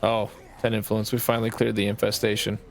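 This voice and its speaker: A man's voice: on the low side, monotone, a little fast, gravelly, a little hiss or hum. Nasal-sounding Canadian man gaming. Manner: rambling, swears casually, talks to himself. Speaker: game streamer. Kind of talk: casual gameplay commentary.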